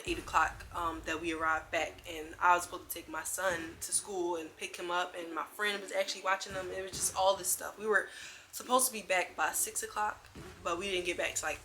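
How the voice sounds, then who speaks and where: Animated young woman telling a storytime. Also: lowish voice. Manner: animated, slangy storytelling with quoted dialogue. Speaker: vlogger. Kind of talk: casual storytime.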